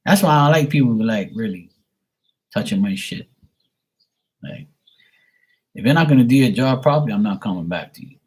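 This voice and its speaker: Husky, profane man ranting casually. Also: medium pitch, expressive, moderate pace, long pauses, darkish tone. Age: 40s. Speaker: live tarot reader. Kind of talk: casual live-stream chat.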